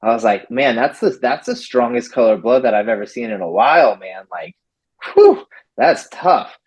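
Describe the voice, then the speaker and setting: This time his voice sits in the mid range, slightly rough and a little fast, captured on a low-quality recording. The dog trainer animatedly relays a story in a casual interview, imitating quotes full of "like."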